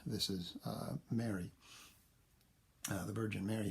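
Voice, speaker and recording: A man lecturing on poetry, thinking aloud with frequent fillers and self-corrections, and reading verse slowly while tapping out its meter. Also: fairly low pitch, fairly even intonation, gravelly, darkish tone, slightly rough. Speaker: literature lecturer. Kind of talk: recorded lecture.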